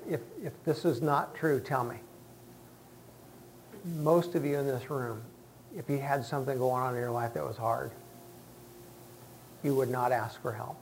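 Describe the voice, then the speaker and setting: A man's voice: medium pitch, vocal fry, a little mellow, a little hiss or hum. A man preaching a conversational sermon as pastor to his congregation, acting out the voices of people he quotes. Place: church sanctuary with congregation.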